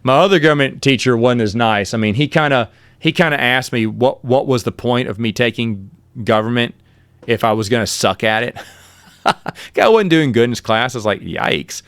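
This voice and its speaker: A man's voice: medium pitch, animated, normal speed, fairly bright tone, clean tone, no room sound. A middle-aged man hosting his own podcast, telling casual stories and often correcting himself mid-sentence. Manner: rambling, self-correcting, quotes others in shifted voices. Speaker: podcast host. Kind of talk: casual solo storytelling.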